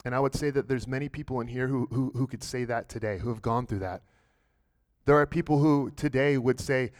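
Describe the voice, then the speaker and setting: A man's voice: mid-range voice, moderate pace. A man preaching a sermon in a church, earnest and direct, often restarting and repeating words as he builds a point. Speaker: pastor.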